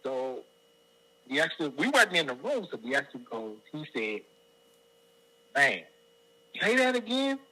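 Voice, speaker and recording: A man's voice: medium pitch, moderate pace, pauses often, husky, rough recording. A middle-aged man from the Washington DC area, a guest singer telling stories in an interview and acting out other people's lines. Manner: animated storyteller who acts out other people's quotes. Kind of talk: storytelling interview.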